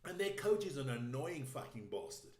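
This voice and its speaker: A man's voice: medium pitch, big pitch swings, normal speed, darkish tone, reverberant. A man co-hosting a rugby podcast in casual chat, brash and teasing, swearing freely. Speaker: podcast co-host.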